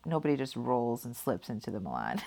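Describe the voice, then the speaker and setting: A woman's voice: a bass voice, big pitch swings, brisk, creaky, darkish tone. A woman casually telling a personal story, rambling with many fillers and laughing at herself. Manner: rambling, heavy use of "like" and "kinda".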